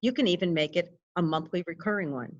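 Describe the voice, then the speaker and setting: A woman moderating a livestream, introducing the next speaker in a brisk, practical way. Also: lowish voice, muffled recording.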